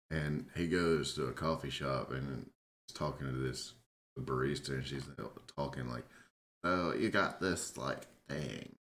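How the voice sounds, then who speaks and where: A tipsy man co-hosting a podcast, chatting casually in a rambling, laid-back way and swearing freely. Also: extremely low pitch. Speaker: podcast co-host. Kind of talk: casual chat. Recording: roomy echo.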